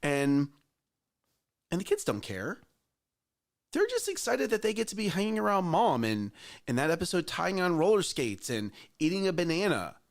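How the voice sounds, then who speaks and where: A man's voice: sits high, sing-song, normal speed. A middle-aged man hosting a casual chat show, earnest and emphatic, challenging listeners directly. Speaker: host.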